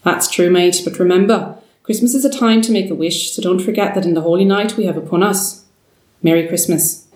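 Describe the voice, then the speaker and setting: A woman's voice: fairly low pitch, brisk, a little mellow, natural voice. Woman doing a slangy little sewer rat. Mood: gentle. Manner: slangy, calls people mate. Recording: roomy, distant mic.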